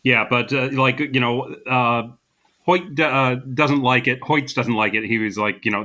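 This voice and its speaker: A man co-hosting a podcast, retelling movie scenes in a casual, animated way with frequent laughter. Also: mid-range voice, moderate pace. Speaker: podcast co-host.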